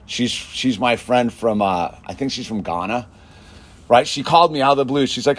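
A man's voice: normal speed, slightly rough. Ranting man who says "dude" a lot. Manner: emphatic, peppers speech with "dude"; swings between loud bursts and low mutters. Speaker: show host. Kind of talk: ranting casual monologue.

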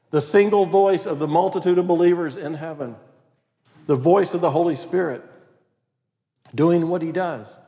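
A man preaching a sermon as pastor, reading scripture aloud and stressing key words, sometimes dropping to a quiet, prayerful tone. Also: a little high. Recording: long reverb of a large hall.

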